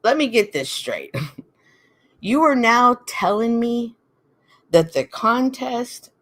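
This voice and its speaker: A woman hosting a livestream, talking to her viewers in an animated, dramatic way and often laughing as she reacts. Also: fairly high pitch, takes it slowly. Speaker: host.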